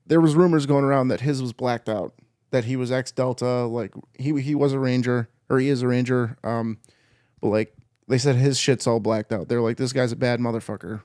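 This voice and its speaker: A young man, an Army veteran, chatting on a podcast in a rambling, profane way with halting restarts. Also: mid-range voice, steady tone, a little mellow, dry recording, clean studio sound. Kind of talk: casual chat.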